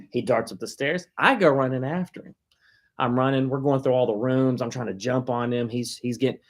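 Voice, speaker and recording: A man preaching in a relaxed, conversational way, speaking at an ordinary middle pitch. He tells a story with animated delivery and keeps chuckling. His talk is loose and full of filler words. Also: a little hiss or hum. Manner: casual, many "like" fillers. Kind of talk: conversational sermon.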